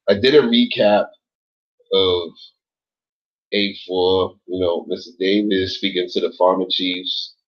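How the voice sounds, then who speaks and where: A man hosting an online show in loose, casual commentary, rambling in slang with lots of swearing and sudden jumps up in pitch when he gets worked up. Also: breathy edge. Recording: dull lo-fi sound.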